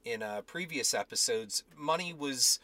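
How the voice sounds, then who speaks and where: A man's voice: mid-range voice, animated, measured pace, sharp tone. A man co-hosting a casual podcast with his wife, wry and laid-back, with a teasing manner. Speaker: podcast co-host.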